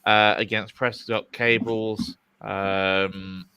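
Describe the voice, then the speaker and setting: A man's voice: lowish voice, flat delivery, pushed and bright, clean tone, no room sound. A man with a Yorkshire accent co-hosting a football show, talking over results with many fillers. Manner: halting, many fillers and restarts. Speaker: co-host pundit. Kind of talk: casual football chat.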